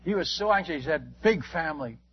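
An older man, a missionary preacher, telling stories in a sermon, animated and acting out the dialogue with frequent restarts. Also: on the high side, fast talker, husky, dull audio. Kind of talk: sermon storytelling.

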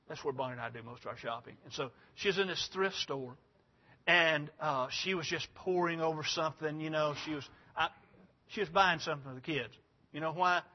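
A man's voice: a little high, husky. An older man preaching a sermon in a folksy, rambling, emphatic way. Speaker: pastor. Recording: dull lo-fi sound.

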